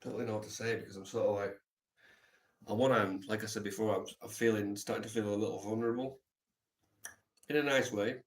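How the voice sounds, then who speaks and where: Soft, halting low-voiced man. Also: fairly even intonation. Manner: soft-spoken, halting, many pauses and fillers. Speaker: live streamer. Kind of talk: reflective storytelling.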